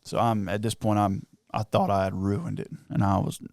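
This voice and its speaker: A man telling a hunting story on a podcast, excited and animated, acting out what everyone said. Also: on the low side, normal speed, gravelly, no room sound, clean studio sound. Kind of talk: casual storytelling chat.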